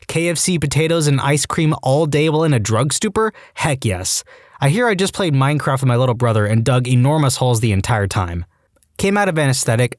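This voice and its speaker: A man reading Reddit stories aloud as a podcast narrator, animated and quick to jump into acted quotes. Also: mid-range voice, no room sound, clean studio sound.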